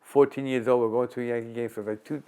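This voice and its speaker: Sixties New man, a former boxer being interviewed, mid-pitched, storytelling with lots of restarts. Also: quick pace, clear, resonant tone. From Long Island, New York. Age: 60s. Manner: animated, acts out quotes in a raised voice, repeats and restarts. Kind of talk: conversational storytelling.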